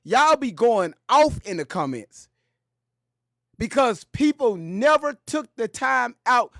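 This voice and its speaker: Animated, joking man hosting commentary. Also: very high voice, slow pace, vocal fry, dry recording, clean studio sound. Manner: animated, profane, joking slang. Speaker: commentary channel host. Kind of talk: casual commentary.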